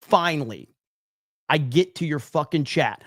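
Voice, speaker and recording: A man's voice: medium pitch, a little slow, dry recording, clean studio sound. Profane man hosting a livestream. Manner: profane, blunt, mock-angry banter with chat. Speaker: livestream podcast host. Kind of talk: casual livestream chat reading donations.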